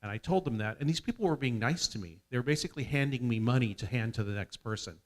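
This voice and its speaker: A man speaking on a conference panel, measured and hesitant, with frequent fillers. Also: medium pitch, expressive.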